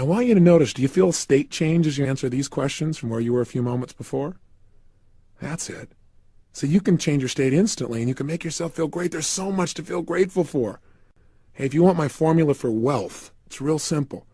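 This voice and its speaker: A man's voice: a little high, mellow, husky, dry recording, clean studio sound. A man giving a guided motivational talk, emphatically firing repeated questions at the listener. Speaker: motivational speaker.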